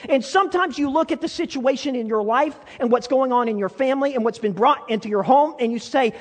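A man's voice: extremely high pitch, lively intonation, a little fast. A male pastor preaching a sermon, earnest and building to fervent appeals with many rhetorical questions. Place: church hall. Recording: long hall reverb.

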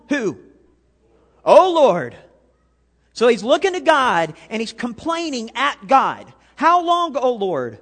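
A male pastor preaching a sermon, animated, swinging between loud and quiet and asking the congregation questions. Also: very high voice. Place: church sanctuary. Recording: long hall reverb.

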